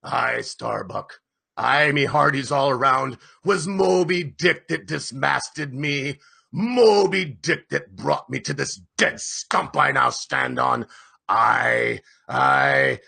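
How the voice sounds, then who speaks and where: A man voicing a fierce, obsessed old whaling captain who rants in booming, half-sobbing shouts. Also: takes it slowly, gravelly, husky, exaggerated voice. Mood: grieving rage.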